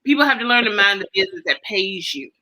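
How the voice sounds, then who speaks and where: Woman host, bright voice, encouraging, talks like a sermon. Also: mid-range voice, animated, fast talker, rough recording. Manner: encouraging, preachy and conversational. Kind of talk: casual interview chat.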